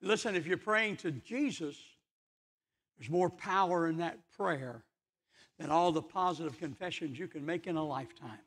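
A man's voice: on the high side, moderate pace, fairly bright tone. A man preaching a fervent church sermon, emphatic and full of rhetorical questions. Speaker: pastor.

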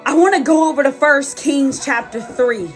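High-voiced woman preaching with fervor. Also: normal speed, soft background music. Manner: passionate, calls the audience sis and y'all. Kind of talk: sermon on a live stream.

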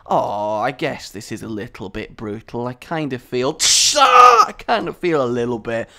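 Man voicing a petty, taunting Satan, sheepishly guilty, slow, swooping. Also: mid-range voice, huge pitch swings, creaky, bright, forceful tone, voice pushed down, exaggerated voice. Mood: rueful. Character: gloating, petty male Satan; cruel yet guilty.

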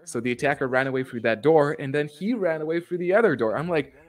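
A man hosting a casual livestream chat, telling stories excitedly and laughing often. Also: a little high, fast. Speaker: show creator and host.

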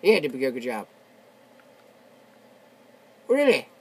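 A young man giving casual, excitable commentary while playing a video game, shouting and swearing, his voice worn from yelling. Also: medium pitch, slow, husky. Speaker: gamer. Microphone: tablet on a desk.

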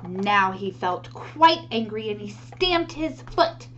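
A woman reading a picture book aloud to children, animated and asking her listeners questions. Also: mid-range voice, slow, dull audio, a little hiss or hum. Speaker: storyteller for children.

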